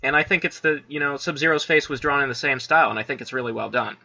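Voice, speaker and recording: A man's voice: mid-range voice, fast talker, sharp tone, muffled recording. A man co-hosting a casual comic review, laid-back and full of fillers like "like" and "you know.". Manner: laid-back, lots of "like" fillers, laughs often. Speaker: podcast co-host.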